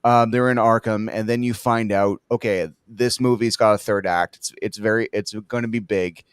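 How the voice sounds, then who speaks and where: A man's voice: on the low side, steady tone, normal speed, clean tone, no echo, clean studio sound. A man hosting a casual podcast about a film, jokey and swearing freely. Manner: loose, profane, jokey. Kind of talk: casual movie discussion.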